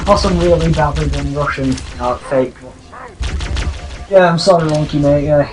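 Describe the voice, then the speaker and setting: A man's voice: on the high side, normal speed, over music, poor audio. A man hosting a livestream, chatting casually and rambling over gameplay. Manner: chatty, rambling, laughs often. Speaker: streamer host.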